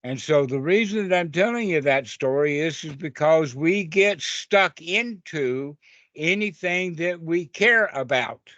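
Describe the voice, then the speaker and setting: A man's voice: a little high, lively intonation, a little slow, fairly bright tone, no echo, highs cut off. A man giving an informal Dharma talk over a video call, telling stories in a rambling, folksy way with lots of fillers. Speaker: meditation teacher.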